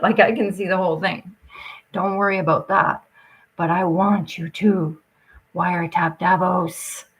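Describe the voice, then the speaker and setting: A woman's voice: medium pitch, low-quality recording. A woman talking straight to her audience in an agitated, rambling rant, swearing often and jumping from point to point.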